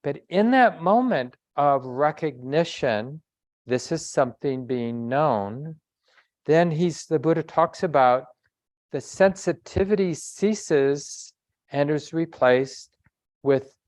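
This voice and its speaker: A man giving a dharma talk as a meditation teacher, speaking in a reflective, conversational way with pauses and self-corrections. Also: on the high side, a little mellow, no echo.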